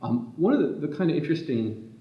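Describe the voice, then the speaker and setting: A man's voice: fairly high pitch, very animated, a little fast. A man speaking as a literary scholar on a symposium panel, thinking aloud in a meandering way that keeps correcting itself. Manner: thoughtful, meandering, self-correcting. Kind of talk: academic discussion. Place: lecture room. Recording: distant, muffled, echoey room.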